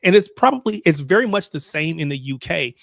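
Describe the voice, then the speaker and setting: A man's voice: fairly high pitch, expressive, a little fast, creaky, a bit bright, no room sound, studio quality. Curious American man asking questions. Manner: curious, asks lots of questions. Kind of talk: casual football chat.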